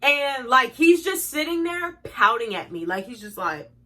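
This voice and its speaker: Bright, blunt young woman ranting. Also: high voice, big pitch swings, measured pace. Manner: blunt, profane and indignant, addressing viewers as y'all. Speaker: vlogger. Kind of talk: storytime rant.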